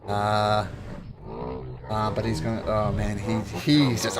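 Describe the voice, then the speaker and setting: A man running a tabletop game as game master, narrating animatedly with chuckles and quick self-corrections. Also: on the low side, steady tone.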